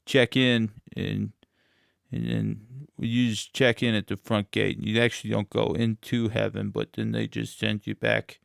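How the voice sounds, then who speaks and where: A man from Indianapolis, a playwright being interviewed, who tells absurd stories in a deadpan, matter-of-fact way. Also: lowish voice, vocal fry, clean tone, dry recording, clean studio sound. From Indianapolis, USA. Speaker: playwright guest.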